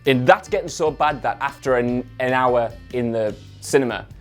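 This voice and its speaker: A man's voice: medium pitch, moderate pace, faint music behind. A man telling a comic anecdote to camera, wry with sarcastic asides. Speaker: film pundit.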